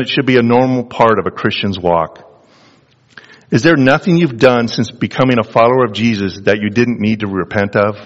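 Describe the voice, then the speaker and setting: A man preaching a sermon in a big reverberant hall, his voice carrying a long tail of echo. The sound is a little dull and muffled. He asks the listeners questions and builds his emphasis as he goes. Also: fairly low pitch. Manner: rhetorical questions, rising emphasis. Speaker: pastor.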